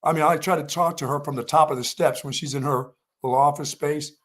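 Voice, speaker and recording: A man's voice: on the high side, fairly even intonation, fast, fairly bright tone. A man co-hosting a sports radio show, chatting casually, rambling and repeating himself with stammered restarts. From Pennsylvania. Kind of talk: casual morning show chat.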